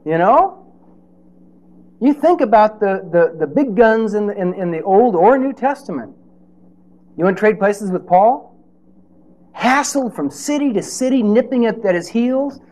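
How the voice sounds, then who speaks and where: A man's voice: high-pitched, animated, unhurried, long pauses, a little mellow. A man preaching a sermon in a conversational way, with rhetorical questions and playful asides.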